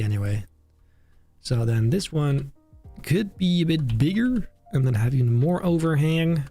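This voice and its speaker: A man's voice: medium pitch, dark tone, no room sound. A young British man chatting casually on a live stream as he builds, thinking aloud and poking fun at himself. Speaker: streamer building a theme park. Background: faint background music.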